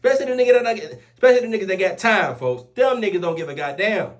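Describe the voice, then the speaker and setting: A young man tells a story in a high voice, loose and animated, packed with profanity. He keeps swearing on his kids after nearly every sentence, in a casual storytelling style. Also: fast, soft background music. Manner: animated, profane street slang, repeats oaths like "on my kids, folks". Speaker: storyteller vlogger.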